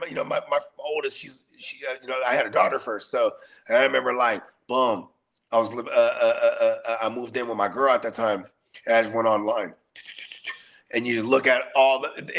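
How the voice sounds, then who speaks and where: A man's voice: mid-range voice, vocal fry, a bit bright. A middle-aged man, a podcast host, telling stories in loose, profane casual chat. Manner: profane, laid-back storytelling.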